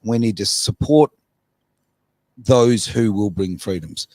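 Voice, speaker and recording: A man with an Australian accent hosting a casual radio chat, animated and quick to laugh. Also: on the low side, dry recording. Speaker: radio show host.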